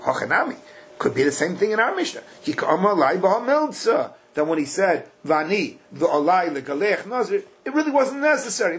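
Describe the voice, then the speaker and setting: A man's voice: a little high, slight background noise. Emphatic man teaching a Talmud class. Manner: reads Aramaic text in a chant, then explains in casual English; emphatic, rhetorical questions.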